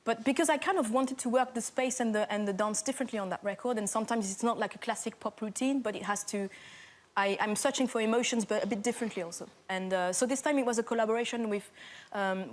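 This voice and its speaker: Soft-spoken woman singer. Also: fairly high pitch, fast. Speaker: singer guest. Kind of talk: casual interview.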